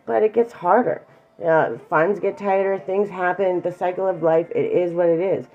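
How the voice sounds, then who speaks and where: Her voice is lowish and her pace normal, coming through narrow, tinny audio. She's a middle-aged woman offering a casual, heartfelt lesson on emotional awareness, reassuring one viewer directly and occasionally close to tears.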